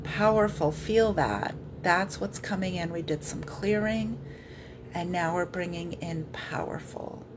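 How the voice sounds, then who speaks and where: Lady healer on a livestream, low-ish soft voice, gentle and slow, faint room hum. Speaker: energy healer. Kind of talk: live-streamed healing session.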